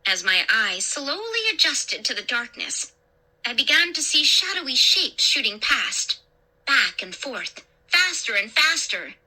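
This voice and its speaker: A woman storyteller reading a first-person horror story in a dramatic, expressive way. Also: high voice, a little slow. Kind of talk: scripted horror story narration.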